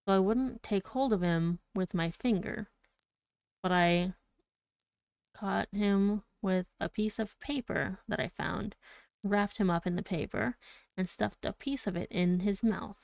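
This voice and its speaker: A woman reading the lines of a worried old male servant who speaks in a halting, rambling way. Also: mid-range voice, creaky, darkish tone, dry recording. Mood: insistent. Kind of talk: audiobook reading.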